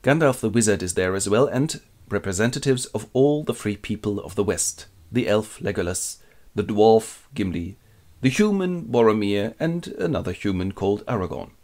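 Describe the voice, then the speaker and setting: A man with a German accent telling a fantasy epic as a quick comic retelling, narrating and jumping into character voices. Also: expressive, a little mellow. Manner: playful, switches into squeaky voices for characters.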